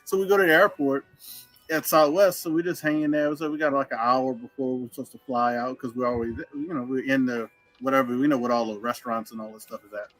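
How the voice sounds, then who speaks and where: A man's voice: medium pitch, fairly even intonation, fast, a bit bright, faint music behind, poor audio. A man co-hosting a live stream, telling a story in an easygoing way and laughing often.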